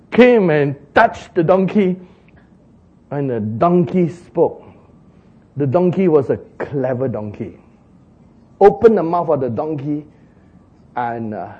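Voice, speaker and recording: A male preacher, his husky voice sitting high and swinging widely in pitch as he retells a scripture story. He speaks slowly, breaks into laughter and exclamations as he acts out the characters, and the recording sounds muffled. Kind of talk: sermon storytelling.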